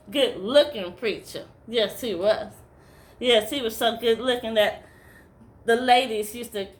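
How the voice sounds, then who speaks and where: A middle-aged woman spinning a funny story in a slow, unhurried drawl. Her voice sits fairly high, and she keeps answering her own lines with a soft "yes" or "mm-hmm.". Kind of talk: comic storytelling monologue.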